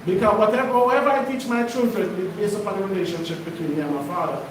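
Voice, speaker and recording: A man preaches a sermon, spinning it into casual stories. His voice sits fairly high. He is picked up from across an echoey room with faint ambient noise. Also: racing, distant mic. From Jamaica. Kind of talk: sermon teaching.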